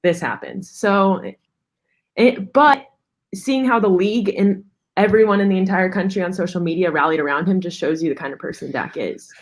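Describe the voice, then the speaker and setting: A woman's voice: lowish voice, normal speed. A young woman in her twenties, a podcast guest, chatting earnestly about sports and peppering her talk with "like.". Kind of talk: casual sports chat.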